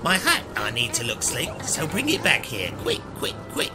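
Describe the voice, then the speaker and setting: A cheeky witch snowman, played by a man who chirps in sing-song rhymes with a pitch that rises and falls a lot. game music plays under the voice. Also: huge pitch swings, normal speed.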